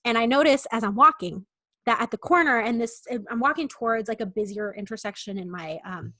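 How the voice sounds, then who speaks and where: A woman's voice: a little high, expressive, a little fast, fairly bright tone, no echo. Young woman, podcast co-host, rambling self-mocking storyteller, dry close sound. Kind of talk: casual storytelling chat.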